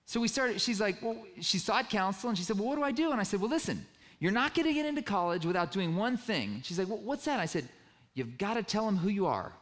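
A man's voice: animated, a little fast, fairly bright tone. A middle-aged man preaching a sermon, telling stories and acting out the dialogue as he goes. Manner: storytelling, acts out dialogue with a raised pitch. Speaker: pastor.

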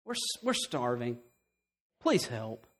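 A man voicing a pleading man who claims to be starving and begs for donations, in a soft, quiet voice. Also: mid-range voice, very animated, takes it slowly, voice pushed down.

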